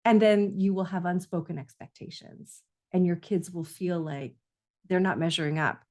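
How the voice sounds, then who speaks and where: A woman's voice: lowish voice, fairly even intonation, moderate pace, darkish tone. A woman parenting coach talking straight to parents, earnest and confiding, often repeating a phrase for emphasis. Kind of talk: heartfelt solo talk to parents.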